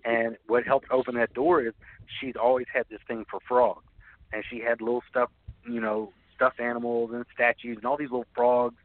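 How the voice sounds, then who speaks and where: A man, a podcast guest, telling stories in a casual, animated way, laughing often and swearing freely. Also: medium pitch, normal speed, dry recording. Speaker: podcast guest, snake keeper. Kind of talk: casual storytelling chat. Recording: tinny phone-line sound, dry.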